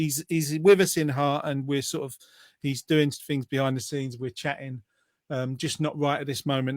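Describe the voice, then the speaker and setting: A man's voice: medium pitch, a little mellow, no room sound, clean studio sound. A man hosting a casual live online show, chatting loosely with lots of fillers. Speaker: show host.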